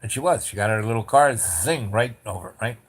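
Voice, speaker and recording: A man's voice: fairly low pitch, brisk, breathy edge. A man hosting a podcast, telling a story in a casual, rambling way with restarts, asides and blunt swearing. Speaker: podcast host.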